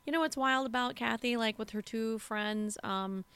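Animated woman podcast host. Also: fairly high pitch, moderate pace, smooth. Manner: animated storyteller, slips into voices. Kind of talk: casual movie-discussion chat.

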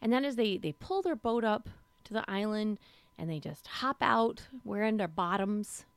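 A woman's voice: medium pitch, lively intonation, normal speed, smooth, dry recording. A woman co-hosting a film podcast, talking casually and rambling with plenty of fillers. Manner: chatty, rambling, lots of fillers. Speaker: podcast co-host.

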